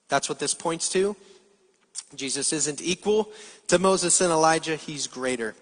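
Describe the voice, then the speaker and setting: A pastor with a slightly high voice delivers a slow sermon, explaining scripture and posing rhetorical questions to his listeners. A long hall reverb surrounds the recording.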